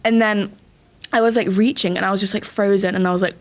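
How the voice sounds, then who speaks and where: A young woman co-hosting a podcast, telling a story in relaxed chat with some laughs. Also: mid-range voice, fast. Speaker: podcast co-host. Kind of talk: casual chat.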